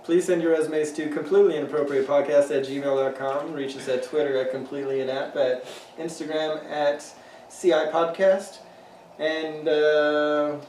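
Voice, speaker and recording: Male podcast host, slightly high voice, swears freely, heard from a distance in a roomy space. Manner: profane, laughing, animated banter. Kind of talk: casual chat. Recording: echoey room, mic at a distance, faint hiss.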